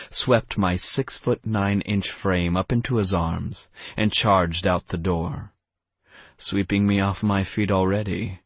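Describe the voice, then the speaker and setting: Man reading an audiobook, low and slow, dry close sound. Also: slightly rough, dry recording. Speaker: audiobook narrator. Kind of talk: first-person scripted narration.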